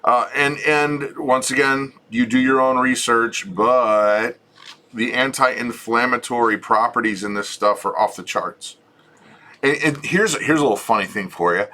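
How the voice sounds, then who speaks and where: Bright-voiced middle-aged man chatting casually. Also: mid-range voice, unhurried. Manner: chatty, relaxed, joking, frequent restarts. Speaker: co-host of a homesteading channel. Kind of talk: casual chat with viewers.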